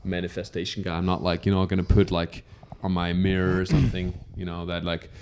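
Low-voiced teasing podcast host. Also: male voice, flat delivery, brisk, darkish tone, a little hiss or hum. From Germany. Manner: teasing, provocative, swears freely. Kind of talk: casual uncensored podcast chat.

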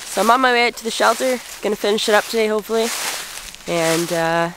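A woman's voice: medium pitch, fast talker, background noise. A woman with a groggy morning voice, chatting casually and rambling with fillers while vlogging outdoors in the woods. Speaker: bushcraft vlogger.

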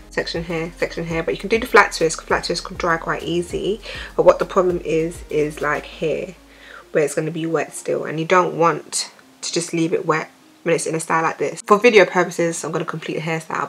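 Relaxed young woman vlogging. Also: on the low side. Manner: relaxed, chatty, step-by-step. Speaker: hair vlogger. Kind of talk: casual hair tutorial. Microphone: phone.

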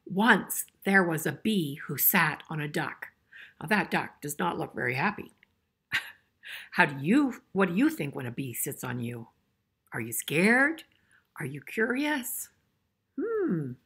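A woman's voice: deep voice, very animated, unhurried, fairly bright tone, husky. An older woman reading a picture book aloud to children, playful and chuckling, asking her listeners questions as she goes. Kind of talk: interactive read-aloud for children.

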